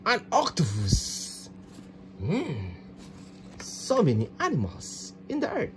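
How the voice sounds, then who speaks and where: A woman narrating toy play, speaking very slowly in simple phrases. Her pitch rises and falls in big, lively swings, and she drops in playful sound effects. A faint room hum sits behind her.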